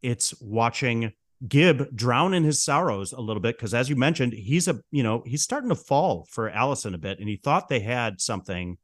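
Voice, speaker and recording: A man co-hosting a film podcast, talking in an enthusiastic, relaxed, buddy-like way. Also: medium pitch, normal speed, no room sound, studio quality. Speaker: podcast co-host. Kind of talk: casual film discussion.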